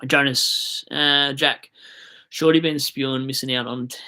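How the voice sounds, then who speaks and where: A man's voice: mid-range voice, fairly even intonation, takes it slowly, bright, forceful tone. A young Australian man hosting a livestream, telling rambling footy stories and reading chat aloud, swearing casually. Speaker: livestream host.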